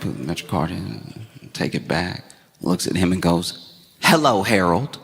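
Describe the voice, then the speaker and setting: A man performing a stand-up comedy set, telling stories with animated delivery and quick character voices on a handheld stage mic. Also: low voice, creaky. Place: comedy stage before an audience. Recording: reverberant hall with audience noise.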